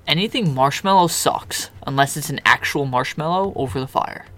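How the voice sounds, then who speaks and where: Man, fairly high-pitched, playful, stubborn, casual podcast chat. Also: normal speed, a bit bright. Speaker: podcast co-host.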